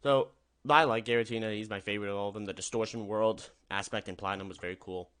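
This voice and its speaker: A young man talks fast in a fairly low, clear, resonant voice with a fairly bright tone and fairly even intonation. As a gaming YouTuber, he gives upbeat, rambling tier-list commentary, often correcting himself.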